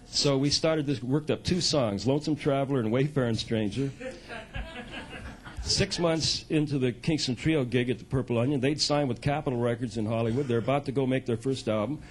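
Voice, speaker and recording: A folk singer in his sixties tells loose, chatty stories from a club stage, chuckling at his own anecdotes during this onstage monologue. His voice is mid-range and his delivery a little quick.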